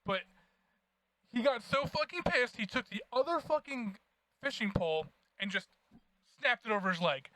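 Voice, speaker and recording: A young man co-hosting a podcast, telling profane, animated stories in casual chat. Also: very high-pitched, normal speed, pauses often, no room sound. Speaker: podcast co-host.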